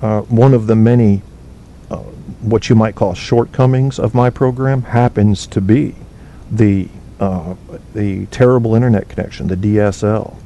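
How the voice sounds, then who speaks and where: A man's voice: steady tone, moderate pace, warm tone. A man hosting a casual podcast from home on a cheap microphone, talking bluntly and profanely in a rambling way while reading the live chat. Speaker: podcast host. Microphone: cheap low-quality microphone. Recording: faint noise on a low-bitrate stream.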